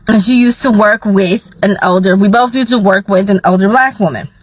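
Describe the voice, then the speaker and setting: Woman with a mid-range voice, brisk casual storyteller, dry close sound. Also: medium pitch, no echo, rough recording.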